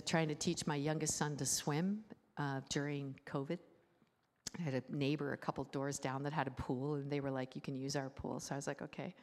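A woman pastor with a deep voice preaches a lively, conversational sermon in a church, putting many rhetorical questions to the congregation. The recording has a long hall reverb.

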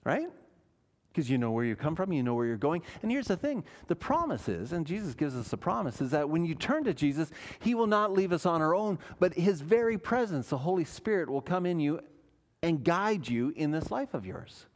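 Man, pastor, sermon, emphatic, lively intonation, slightly high voice. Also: normal speed. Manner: earnest, emphatic preaching with rhetorical questions. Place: church.

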